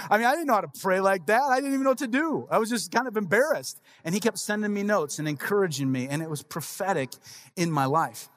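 A man's voice: sits high, lively intonation, fast, a bit bright. Conversational male pastor preaching. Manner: conversational storytelling, frequent "right?" asides. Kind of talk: sermon.

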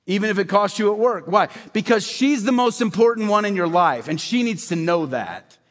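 In a church sanctuary, a pastor whose voice sits high preaches at a moderate pace with lively intonation. He talks to the congregation conversationally and animatedly, adding asides, and the hall reverb is audible.

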